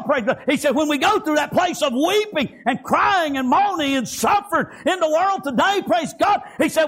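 High-voiced fervent preacher man. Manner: bursts into shouts, fills pauses with "praise God" and "amen". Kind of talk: fervent sermon.

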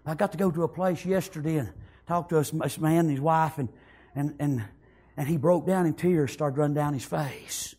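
A man preaching a sermon, fervently repeating praise and amen and rising to shouts. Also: fairly high pitch, normal speed.

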